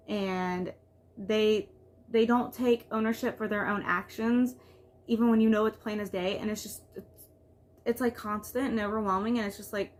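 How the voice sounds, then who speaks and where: A woman vlogging as a mother, talking casually and venting in a rambling way with lots of "like.". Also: a little high. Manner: rambling, venting, heavy use of "like". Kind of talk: casual confessional vlog talk.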